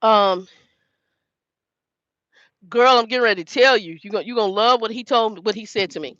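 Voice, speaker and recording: A woman's voice: fairly high pitch, normal speed, a bit bright, dry recording, lo-fi sound. Chatty fifty-something woman, drawl. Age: 50s. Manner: chatty storytelling, quoting herself. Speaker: truck driver trainer. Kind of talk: casual chat to viewers.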